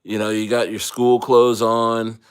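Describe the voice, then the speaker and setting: A man's voice: mid-range voice, level tone, measured pace, clear, resonant tone. A man chatting casually on a livestream, loose and rambling with jokes and restarts, a little tipsy from wine. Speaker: crypto livestreamer.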